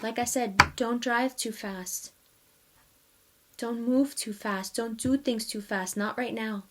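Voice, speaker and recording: A woman's voice: fairly high pitch, steady tone, slow pace, slight background noise. A woman giving a casual tarot reading, talking straight to her viewers in a chatty way and laughing often. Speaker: tarot reader.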